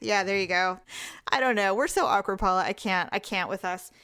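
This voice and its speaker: A woman's voice: medium pitch, a little fast, a bit bright, clean tone, no echo, clean studio sound. Give me a giggly, chatty woman co-hosting a podcast. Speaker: podcast co-host. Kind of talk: casual chat.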